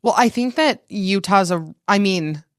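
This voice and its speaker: A woman's voice: mid-range voice, expressive, measured pace, dry recording, studio quality. A woman from Utah, a podcast guest in casual chat, rambling with many fillers.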